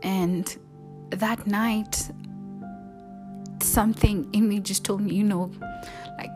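A woman telling an emotional personal story in a hesitant, earnest way, pausing often. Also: mid-range voice, fairly even intonation, darkish tone, soft background music. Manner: hesitant and earnest, with frequent pauses and fillers. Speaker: storyteller sharing a personal testimony.

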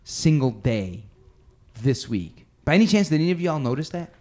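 A man's voice: a little high, moderate pace. An American man hosting a casual podcast, joking around and laughing often. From United States. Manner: animated, jokey, laughs often. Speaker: podcast host.

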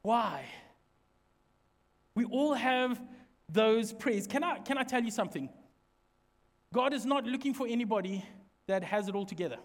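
A middle-aged man, preaching a lively sermon in a church and joking with the congregation. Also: extremely high pitch, moderate pace, pauses often. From South Africa. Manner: lively, joking, with lots of direct questions to the congregation. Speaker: pastor. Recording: echoey church hall reverb.

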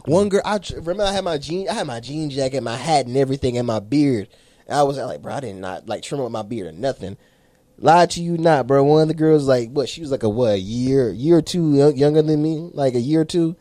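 Young man in casual chat, rambling and profane, mellow voice, dry close sound. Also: mid-range voice, expressive, a little fast, dry recording. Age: 20s. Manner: rambling, profane, laughs often. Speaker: podcast co-host.

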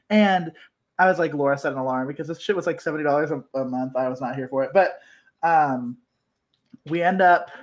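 A chatty man co-hosting a casual sports podcast, with a somewhat high voice. He tells stories loosely and laughs often. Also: fairly bright tone. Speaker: podcast co-host.

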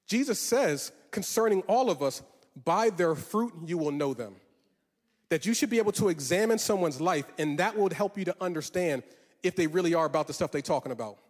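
A male pastor preaching a sermon, rising into a sing-song cadence and drawing out words. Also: sits high. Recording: long hall reverb.

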